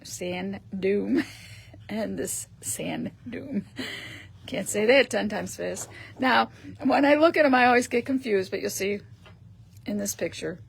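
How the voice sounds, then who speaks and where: A woman hosting a live stream, chatting casually as she shows paper craft pieces and often clears her throat. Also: medium pitch, slight background noise.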